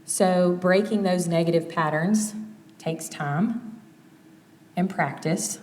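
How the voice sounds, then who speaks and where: A woman's voice: lowish voice, slow, long reverb tail, a little hiss or hum. A mother in her thirties giving a plainspoken, conversational talk on family communication. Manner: conversational, plainspoken, gently quotes examples.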